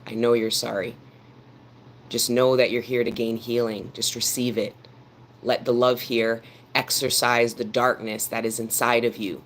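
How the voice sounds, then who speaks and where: Man, tarot reader, earnest, preachy, repetitive phrasing, flat delivery, faint background hum. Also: medium pitch. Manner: earnest, preaching directly to his audience; repeats phrases for emphasis. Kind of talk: live tarot reading to viewers.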